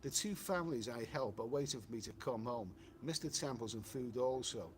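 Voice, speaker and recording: A man's voice: mid-range voice, a little fast, a little hiss or hum. A man with a Liverpool accent hosting a travel live stream, reading viewer comments aloud in a loose, rambling way with many restarts and fillers. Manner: rambling, frequent restarts and "you know" fillers.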